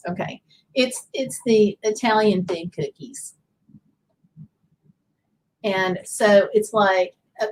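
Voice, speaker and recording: A woman's voice: mid-range voice, a little mellow, poor audio. Woman, Southern accent, livestream host, chatty, reads chat aloud, light background noise. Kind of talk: casual livestream chat, reading viewer comments.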